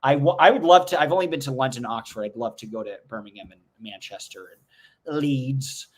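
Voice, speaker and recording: A man's voice: medium pitch, a little fast. A man hosting a casual livestream, rambling through viewer comments with restarts and joking asides. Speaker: livestream host. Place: indoors at home.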